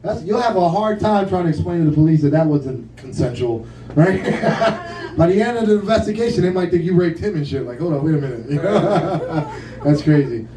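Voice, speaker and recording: A fairly high, lively male voice rolls through a profane stand-up set, chuckling at his own lines. He is from Puerto Rico and works the room at a bar comedy night. The sound is caught from across an echoey room with the crowd laughing loudly behind. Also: normal speed, distant mic. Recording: roomy bar audio from afar, crowd audible.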